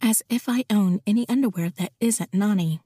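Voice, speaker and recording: A woman voicing a sharp-tongued woman in her late twenties in an audiobook, full of sarcastic, cheeky banter. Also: mid-range voice, normal speed, breathy edge, no room sound, studio quality, lightly acted. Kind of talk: audiobook character voice.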